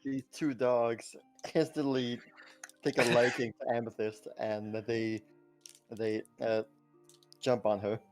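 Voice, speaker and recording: A man narrating a tabletop game as game master, halting and full of fillers. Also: mid-range voice, little pitch movement, darkish tone, soft background music.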